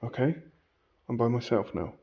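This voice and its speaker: A man investigating a haunted abbey, talking in a hushed, on-edge way as he calls out to spirits. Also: mid-range voice, moderate pace. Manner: hushed and tense, calling out to spirits. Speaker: paranormal investigator. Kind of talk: ghost-hunting vlog narration. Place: old abbey room at night. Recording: muffled with loud background noise.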